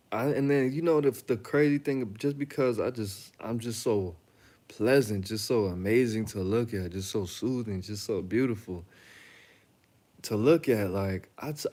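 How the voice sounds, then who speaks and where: A man's voice: on the low side, warm tone. A young man hosting a reaction channel, talking casually and bluntly to the camera, joking and telling stories in slang. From Chicago.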